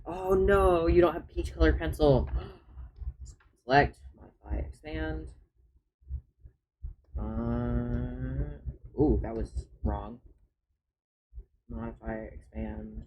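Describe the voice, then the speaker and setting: Slow, chatty man streaming as he draws. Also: mid-range voice, lo-fi sound, slight background noise. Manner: chatty, mutters steps to himself as he works. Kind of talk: casual live-stream chat while drawing.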